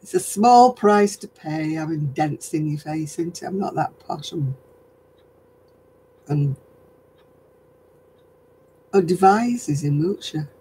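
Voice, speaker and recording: An older woman from northern England with a softened regional accent, hosting a casual craft live stream, chatting with viewers and chuckling often. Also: low voice, expressive, slow, long pauses, slight background noise, low-quality recording. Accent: softened northern English. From Oldham, England. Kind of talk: casual chat answering viewer comments.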